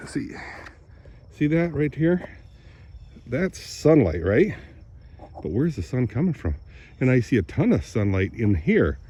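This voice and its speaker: An older man vlogging outdoors by the woods on a phone camera, rambling as he thinks aloud, often clearing his throat and a bit out of breath. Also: medium pitch, big pitch swings, takes it slowly, long pauses, mellow, slight background noise. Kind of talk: casual morning vlog, thinking aloud outdoors.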